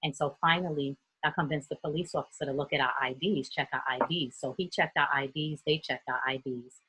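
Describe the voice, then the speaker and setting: A woman from New York, a youth mentor, telling a personal story in an earnest, steady way during a group discussion on a video call. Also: low-pitched, a little fast, husky, no room sound, rough recording.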